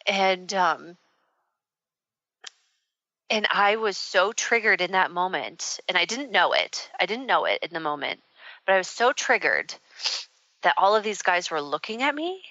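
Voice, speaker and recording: A woman's voice: on the low side, expressive, measured pace, long pauses, sharp tone, dry recording. A woman hosting a radio talk show, telling a personal story in a rambling, candid way with many fillers. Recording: dull, muffled radio audio.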